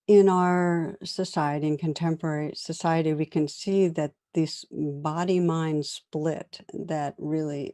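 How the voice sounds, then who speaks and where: A middle-aged woman meditation teacher giving a conversational dharma talk to a class, with gentle laughs as she tells stories. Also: low-pitched, no room sound, studio quality.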